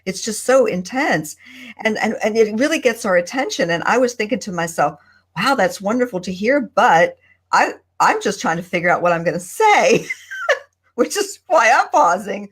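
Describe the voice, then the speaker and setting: Woman with deliberate pauses. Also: medium pitch, breathy edge. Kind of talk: casual panel chat. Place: home desk. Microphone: video call.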